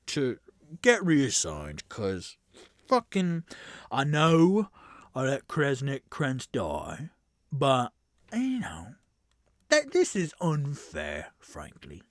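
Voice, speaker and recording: A gruff, fed-up bandit boss, voiced by a man in a tabletop game, griping and swearing in a slow, rambling drawl. His pitch swings widely as he vents, and the sound is dry and close. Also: no echo, heavily acted. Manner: swears constantly, rambling grievance. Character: coarse foul-mouthed male bandit leader, fed up.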